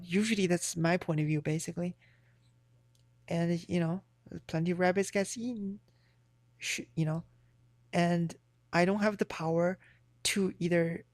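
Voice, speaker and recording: A woman's voice: lowish voice, darkish tone, no room sound. Blunt, swearing woman streamer, dry sound. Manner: blunt, profane, rambling. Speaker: livestreamer. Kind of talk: casual stream chat.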